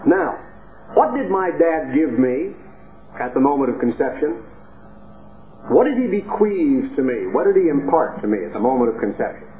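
A man's voice: medium pitch, sing-song, moderate pace. A man from the United States preaching a sermon with emphatic rhetorical questions. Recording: tinny echoey hall recording, faint hiss.

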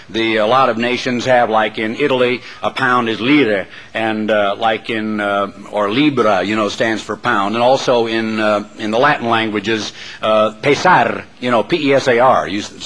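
A man preaching a sermon in an animated storytelling way. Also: medium pitch, rough recording.

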